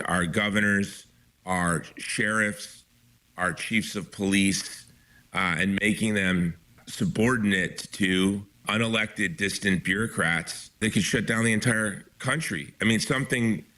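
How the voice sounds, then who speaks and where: A man's voice: sits low, sharp tone. A man being interviewed as a guest author, speaking with urgent emphasis and frequent restarts. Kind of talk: impassioned interview talk.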